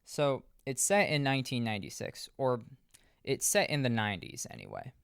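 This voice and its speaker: A man's voice: medium pitch, huge pitch swings, normal speed, gravelly, a bit bright, clear, resonant tone, no echo, clean studio sound. A man hosting a podcast, recapping a movie in a loose, rambling way with lots of restarts, fillers and profane asides. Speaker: podcast host.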